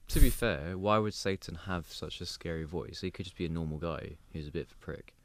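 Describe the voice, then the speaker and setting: A man's voice: sits low, brisk, no echo. A tired young man hosting a podcast, teasing his co-host in a dry, laid-back way. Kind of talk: casual chat.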